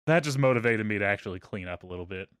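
A man's voice: lowish voice, expressive, very fast, clean tone, no echo. Laid-back man telling a story, dry sound. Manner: laid-back, profane, trails off into quiet asides. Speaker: podcast host. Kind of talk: casual storytelling.

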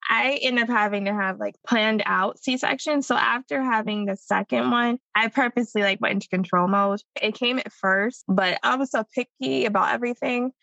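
A woman guest in a casual chat, expressive and quick to laugh, asking questions. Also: a little high, gravelly, no echo, muffled recording.

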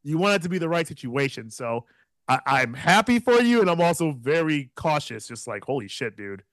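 A man in his thirties co-hosting a podcast, telling a story in a casual, profane and animated way, laughing often. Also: a little high, normal speed, no room sound. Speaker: podcast co-host.

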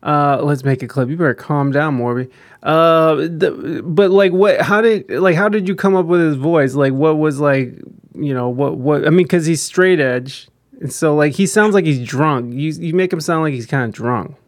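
A man hosting a casual interview, asking questions haltingly with repeated words. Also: on the high side, dry recording, studio quality. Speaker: host.

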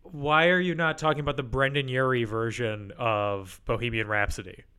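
A man co-hosting a podcast over a remote call, telling rambling stories with deadpan asides. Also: mid-range voice, moderate pace, clean tone. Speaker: podcast co-host. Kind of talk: casual chat. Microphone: remote call mic.

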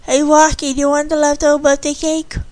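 A shy orphan girl peeps nervously in a storybook reading, as a woman voices her. Her squeaky voice sits at the top of the range. Dry, close sound. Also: monotone, a little fast, a little mellow, no echo, natural voice. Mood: timid. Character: shy sweet orphan girl, timid best friend.

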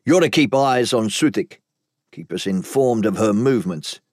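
A cunning criminal boss, voiced by a man narrating a storybook, gruff and threatening. The reading is lively in pitch and recorded dry and close. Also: moderate pace, dry recording. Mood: menacing.

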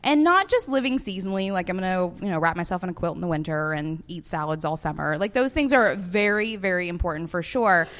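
A woman's voice: lowish voice, expressive, a little fast, hardly any pauses, fairly bright tone. A woman with a Southern US accent co-hosting a podcast, chatting casually and laughing often in front of a live audience. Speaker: podcast co-host.

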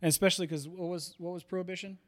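A joking storyteller, a man co-hosting with a slightly high voice. He spins jokes and stories and laughs often. A long hall reverb surrounds him. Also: steady tone, racing, a bit bright. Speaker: podcast co-host. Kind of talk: casual chat.

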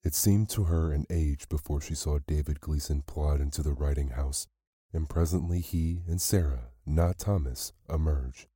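A man reading a classic short story aloud as a bedtime storyteller, calm and measured. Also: rumbling low, breathy edge, no room sound, studio quality.

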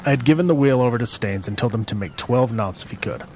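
A man's voice: medium pitch, animated, fast talker, a little mellow. Man reading a pompous comic log. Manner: dry, pompous captain's narration. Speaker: reader.

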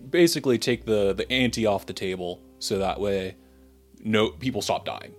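A man speaking in character at a tabletop game, earnest and diplomatic, as if he were working out a deal. His voice is on the low side, and faint music plays behind him. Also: moderate pace. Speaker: player. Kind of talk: in-character tabletop role-play.

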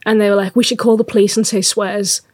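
A woman's voice: medium pitch, flat delivery, fast, darkish tone, no echo, studio quality. A woman co-hosting a podcast, chatting casually and telling a story with frequent laughter. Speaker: podcast co-host. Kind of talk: casual chat.

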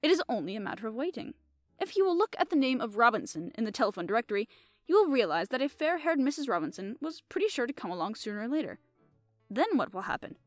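A woman reading aloud, voicing a fussy, polite middle-aged male detective who speaks with courteous, soft reproof. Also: high voice, dry recording.

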